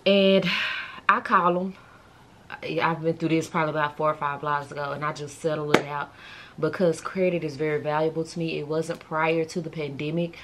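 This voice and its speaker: A woman's voice: low-pitched, little pitch movement, a little fast, a little hiss or hum. A woman chatting casually to her viewers in a vlog, talking straight to camera. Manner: subdued and emotional. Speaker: vlogger.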